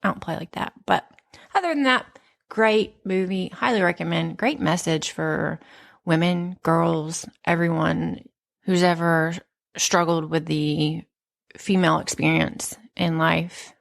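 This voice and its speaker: Candid, profane woman with gravelly fry. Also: on the low side, a little slow. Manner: candid, profane, animated storytelling. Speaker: podcast host. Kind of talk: casual chat.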